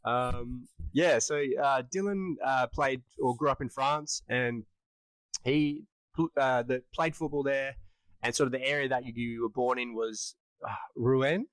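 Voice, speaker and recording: A man's voice: mid-range voice, measured pace, clean tone, no echo, low-quality recording. Casual male podcast host, dry close sound. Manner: relaxed, filler-heavy, chatty.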